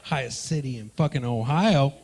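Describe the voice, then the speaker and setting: A man's voice: medium pitch, normal speed, darkish tone. A man doing a stand-up comedy set in a club, working the front row with brash, profane banter into a handheld mic. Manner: brash, profane crowd work.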